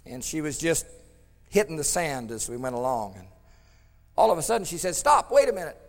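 A man preaching a storytelling sermon, swinging between loud emphatic bursts and hushed tones. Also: a little high, big pitch swings, moderate pace, creaky, long reverb tail.

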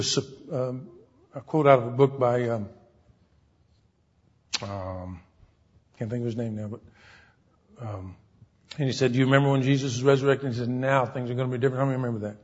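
Preacher in a reverberant church hall. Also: male voice, medium pitch, slightly rough. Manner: storytelling, quotes others in acted voices, preaches with rising fervor. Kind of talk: sermon. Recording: dull lo-fi sound, long hall reverb.

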